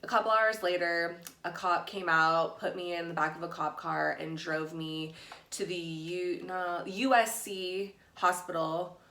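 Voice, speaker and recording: A woman's voice: on the low side, steady tone, a little slow, sharp tone, roomy sound. A woman vlogger telling a story to camera in a casual, blunt way, full of "like" and swearing. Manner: chatty, peppered with "like", blunt and profane. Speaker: YouTube vlogger.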